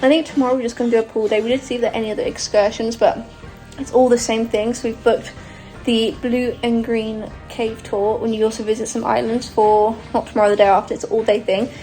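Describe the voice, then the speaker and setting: A young woman with a fairly high voice talks brightly to her phone camera, laughing often as she walks outdoors and around a hotel room. Clear music plays beneath her throughout. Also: level tone, fast, rough recording. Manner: bubbly and chatty, laughs often. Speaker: travel vlogger. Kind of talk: casual travel vlog. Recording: music playing under the voice.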